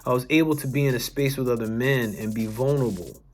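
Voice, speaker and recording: A man's voice: mid-range voice, fairly even intonation, quick pace, darkish tone. A young adult man, a wellness coach, telling a personal story to camera in an earnest, emphatic way, restarting sentences and swearing now and then.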